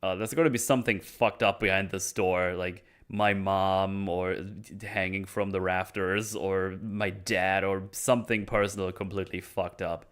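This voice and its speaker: A man's voice: low-pitched, fairly even intonation, normal speed, few pauses, a bit bright. A man in casual podcast chat, retelling a plot with lots of fillers and restarts and acting out the lines. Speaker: podcast co-host.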